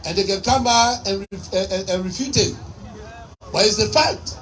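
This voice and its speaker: A woman with a Liberian English accent giving a fiery campaign speech, shouting and firing off repeated rhetorical questions. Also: medium pitch, unhurried. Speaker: politician. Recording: distant mic with faint crowd and noise.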